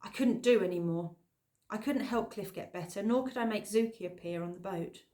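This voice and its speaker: A woman narrating an audiobook in an expressive, lively storytelling manner. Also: mid-range voice, moderate pace. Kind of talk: scripted narration.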